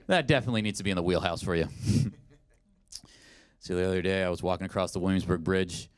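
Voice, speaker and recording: A man in his twenties performing a stand-up comedy set, telling self-deprecating stories in an animated way. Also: sits low, fast. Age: 20s. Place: comedy stage in a studio.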